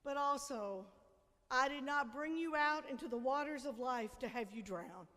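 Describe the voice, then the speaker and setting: A woman preacher doing a tired, irritated Jesus, just woken, who speaks low and dry with a sigh of exasperation. Her voice drops below its usual high pitch and goes quiet. The church's long reverb carries it. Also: animated, normal speed. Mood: gently firm. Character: weary, irritated Jesus, a grown man, woken from sleep.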